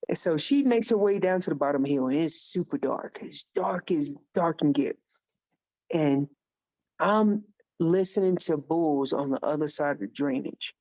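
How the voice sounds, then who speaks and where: A man guest on a podcast, telling a hunting story in a casual, animated way and acting out the dialogue. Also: fairly high pitch. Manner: animated storyteller who acts out quoted dialogue. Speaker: podcast guest, elk calling champion.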